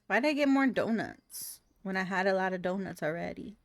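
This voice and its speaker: A woman's voice: mid-range voice, expressive, brisk, few pauses, no room sound. A woman streaming a game live, chatting crudely with her viewers and giggling while she plays. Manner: crude, giggly, talks to chat while playing.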